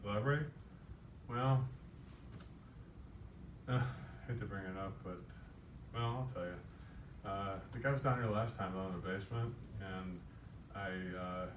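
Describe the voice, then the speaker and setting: A man improvising a role-play as a homeowner, telling a joking story with animation in front of a live audience. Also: low-pitched. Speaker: workshop presenter playing a homeowner in a sales role-play. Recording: echoey room, distant mic, noisy.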